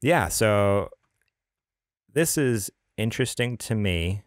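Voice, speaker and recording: A man's voice: on the low side, lively intonation, takes it slowly, no echo, clean studio sound. A man hosting a casual gaming podcast, chatty and rambling, often laughing. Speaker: podcast host.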